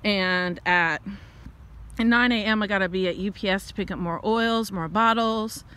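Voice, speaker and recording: A woman's voice: mid-range voice, moderate pace, a bit bright, clear, resonant tone. Winded middle-aged woman vlogging outdoors. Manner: chatty, laughs often, rambles into rants. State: out of breath. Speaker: vlogger and tarot reader. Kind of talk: casual vlog while walking. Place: outdoors, walking.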